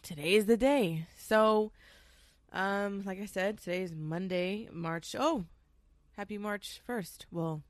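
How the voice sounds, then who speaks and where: A woman's voice: on the low side, dry recording, studio quality. A woman hosting her own show, telling a personal story in a candid, chatty, confiding way. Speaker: podcast host. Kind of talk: casual solo storytelling.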